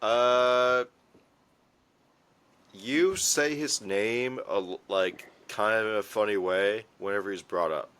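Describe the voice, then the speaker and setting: A man leading a trivia round on a laid-back sports podcast. He talks in a dry, low-key way and teases his co-hosts. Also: takes it slowly, a bit bright, smooth. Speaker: podcast host running trivia. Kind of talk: casual sports chat.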